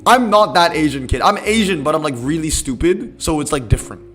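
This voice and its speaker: A man's voice: fairly high pitch, lively intonation, a little fast, a bit bright, soft background music. Laid-back young male game streamer. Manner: rambling, laid-back, reads chat aloud. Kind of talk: casual live-stream chat.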